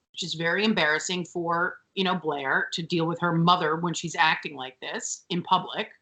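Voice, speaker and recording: A woman co-hosting a casual TV recap podcast, animated and sweary, often mimicking characters. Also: fairly low pitch. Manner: animated, sweary, mocking voices. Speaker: podcast co-host.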